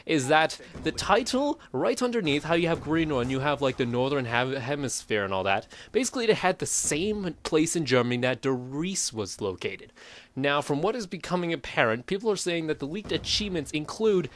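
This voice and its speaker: A man's voice: a little high, sing-song, moderate pace. A man giving unscripted, rambling game theory commentary in a hyper way. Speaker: gaming video commentator.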